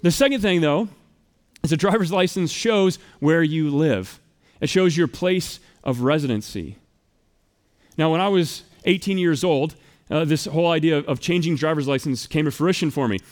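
High-voiced pastor preaching. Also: male voice, normal speed. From United States. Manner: storytelling, animated and playful asides. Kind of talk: sermon.

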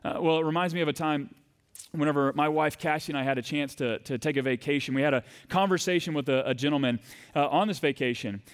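A man's voice: a little high, quick pace. A male pastor in his thirties preaching a sermon in a conversational, storytelling way that rises to fervent emphasis.

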